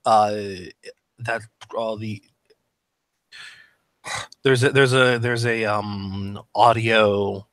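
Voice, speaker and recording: A man who voices characters, talking shop in a casual podcast chat, animated and swearing freely. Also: fairly low pitch, extremely slow, pauses often, no room sound. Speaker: voice actor discussing his roles.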